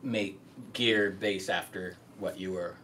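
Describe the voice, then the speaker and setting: A man's voice: deep voice, steady tone, takes it slowly, pushed and bright. A male podcast host chatting casually with a guest in a laid-back, slangy way. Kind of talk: casual interview chat. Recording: distant mic with faint noise.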